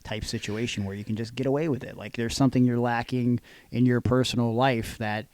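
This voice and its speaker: A man's voice: mid-range voice, steady tone, fairly quick, a little mellow. A man co-hosting a wrestling podcast, talking bluntly and profanely with plenty of fillers. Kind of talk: casual chat.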